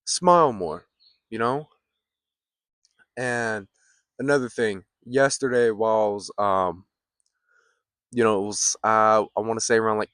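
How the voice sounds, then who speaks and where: A young man vlogging in a laid-back, rambling way, with many fillers and pauses. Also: on the low side, a bit bright, no echo, studio quality. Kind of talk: casual vlog talk. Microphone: phone or camera mic, built-in mic.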